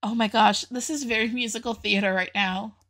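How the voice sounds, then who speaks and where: A young woman talking through her reactions to songs in a chatty, heartfelt way. Her voice sits a little high and carries a gravelly, fry-laced edge. She laughs easily and lets her feelings show. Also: fairly even intonation, brisk, fairly bright tone. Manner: chatty, emotional, laughs often. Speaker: reaction video host. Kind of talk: casual reaction commentary.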